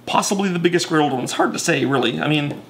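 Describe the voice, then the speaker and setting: A man with a slightly higher voice walks through board game rules in a relaxed, conversational way. He stumbles, corrects himself and leans on fillers as he explains each piece. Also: fast. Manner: chatty, self-correcting, with many fillers.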